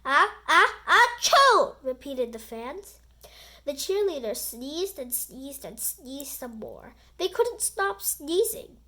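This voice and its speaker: A woman reading a children's book aloud in an animated, expressive storytelling voice. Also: high voice, slow pace.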